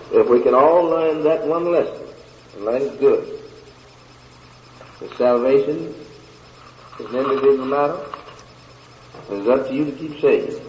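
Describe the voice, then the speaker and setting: A man preaching a sermon and reading scripture slowly and deliberately, with long pauses between phrases. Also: mid-range voice, roomy sound, big-room sound, muffled recording, a little hiss or hum.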